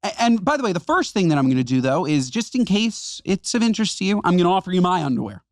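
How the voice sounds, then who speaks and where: A man's voice: sits high, sing-song, fast, no room sound, studio quality. A man co-hosting a podcast, riffing emphatically and exaggerating for comic effect. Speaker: podcast co-host. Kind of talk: casual chat.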